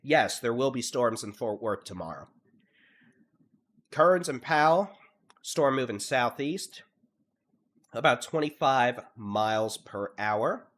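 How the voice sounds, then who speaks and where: A middle-aged Texan man giving live severe weather updates, listing towns and hail timings in a steady, at times monotone briefing while congested from allergies. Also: mid-range voice, takes it slowly, long pauses. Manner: steady briefing cadence, lists place names, at times monotone. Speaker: storm chaser and severe weather streamer. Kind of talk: live weather coverage commentary.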